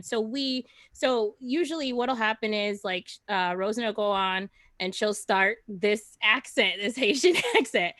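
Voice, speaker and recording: A woman's voice: mid-range voice, a bit bright, dry recording. A woman improv comedian on a panel, speaking frankly and laughing between her phrases. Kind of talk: casual panel discussion.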